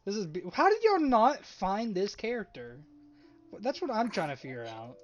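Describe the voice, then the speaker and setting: A man's voice: high voice, big pitch swings, normal speed, highs cut off. A man playing a tabletop game online, talking casually and laughing often, with some swearing. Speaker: player.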